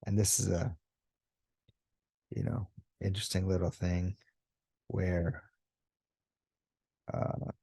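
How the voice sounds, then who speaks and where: A man hosting a casual commentary video, talking in a relaxed, unhurried way with many fillers and now and then acting out characters' lines. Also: deep voice, dry recording, clean studio sound. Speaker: YouTube host discussing manga.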